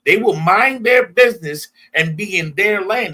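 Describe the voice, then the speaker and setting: A high-voiced American man teaches scripture with a bright, ringing tone. His pitch swings widely as he prompts a reader and retells verses in casual slang. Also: lively intonation, moderate pace, hardly any pauses, husky. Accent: American English. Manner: emphatic, call-and-response, paraphrases verses in slang. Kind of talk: bible class teaching.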